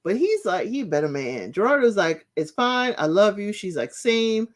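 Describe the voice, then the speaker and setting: A woman hosting a casual recap, chatty and opinionated, often saying "you know" and acting out quotes with jumps in pitch. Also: very animated, moderate pace. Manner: acts out quotes with shifting pitch. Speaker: recap podcast host. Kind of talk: casual reality-show recap commentary.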